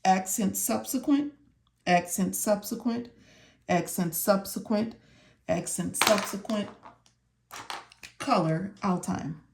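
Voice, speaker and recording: Woman instructor, unhurried, repetitive step-by-step lesson voice. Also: medium pitch, gravelly, slight background noise. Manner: slow, repetitive, talks to viewers as if they can answer. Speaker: medical coding instructor. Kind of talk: study walkthrough lesson.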